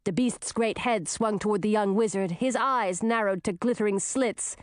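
Expressive woman reading a story aloud. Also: medium pitch, normal speed, no room sound, clean studio sound. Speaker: narrator. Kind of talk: audiobook narration.

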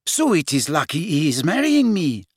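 A man's voice: a little high, huge pitch swings, normal speed, dry recording, studio quality, voice pushed up. A man putting on a cheerful young Frenchwoman. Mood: happy.

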